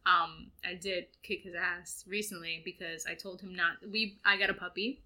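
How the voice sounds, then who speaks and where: A woman's voice: on the low side, fairly even intonation, moderate pace, sharp tone. A woman in her thirties telling stories in casual podcast chat, profane and joking. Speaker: podcast co-host.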